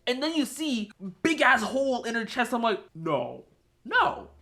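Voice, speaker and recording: A young man hosting a podcast, retelling a film scene in an excited, animated, casual way. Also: extremely high pitch, brisk, music in the background. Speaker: podcast host. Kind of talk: casual chat.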